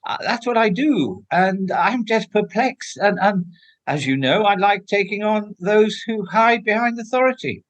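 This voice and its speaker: A man's voice: sits high, unhurried, fairly bright tone. An older man, a former royal protection officer, answering interview questions in an emphatic, outspoken way with frequent restarts.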